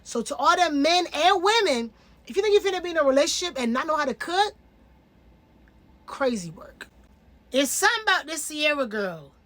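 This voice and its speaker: A young woman in her twenties talks through a reality show in loose, casual commentary. Her voice sits high and bright in pitch. She leans hard into emphasis and slang, never sounding scripted. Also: expressive, brisk, long pauses. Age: 20s. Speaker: reality TV reviewer.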